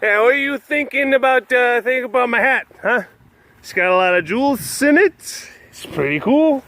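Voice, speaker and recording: A man doing a silly impression of the Queen of England in a deep man's voice, offhand and boastful. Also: lively intonation, normal speed, sharp tone, no echo, heavily acted. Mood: smug.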